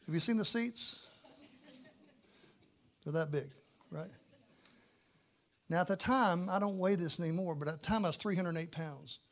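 A man, a pastor, telling a humorous personal story in a sermon, animated and self-mocking, acting out the dialogue. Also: high voice, moderate pace, pauses often.

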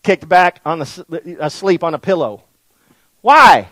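A man preaching a sermon to a congregation, folksy and animated, swinging from near-shouts down to soft, low lines. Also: a little slow, no room sound, poor audio. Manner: folksy, addresses the congregation directly. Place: church in front of a congregation.

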